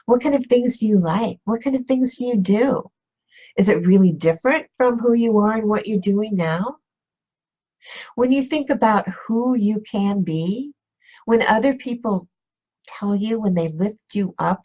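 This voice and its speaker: A woman coach talks to her live-stream viewers in an unhurried, reflective way, circling back to the same questions. Her voice is husky and a little breathy. The audio is dull and lo-fi. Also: medium pitch, mellow. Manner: slow, reflective, repeats questions. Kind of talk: motivational live-stream talk.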